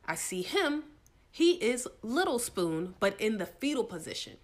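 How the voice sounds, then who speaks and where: Lively, profane young woman storyteller. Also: a little high, a little slow. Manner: animated, profane, laughing storyteller. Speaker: podcast co-host. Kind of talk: casual storytelling chat.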